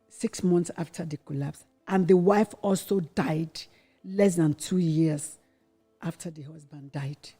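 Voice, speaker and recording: Middle-aged woman from nigeria, lowish mellow voice, earnest storytelling, faint music under. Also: breathy edge. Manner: earnest, quotes her own past words with rising intensity. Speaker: interview guest, the host's mother. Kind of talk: candid personal storytelling.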